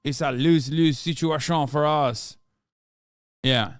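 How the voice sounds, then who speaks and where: Man in his 30s, Turkish native, streamer; sarcastic, animated profane commentary, smooth clear tone. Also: on the high side, slow, dry recording, studio quality. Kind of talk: casual livestream reaction commentary.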